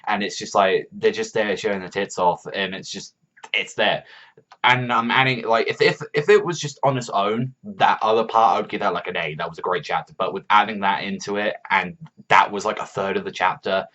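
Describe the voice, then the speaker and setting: A man with a fairly low voice rants through a casual review, cursing often and stuffing his talk with fillers. The recording sounds dull and lo-fi. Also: a little fast, sharp tone. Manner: profane, rambling, heavy use of filler words. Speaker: manga reviewer.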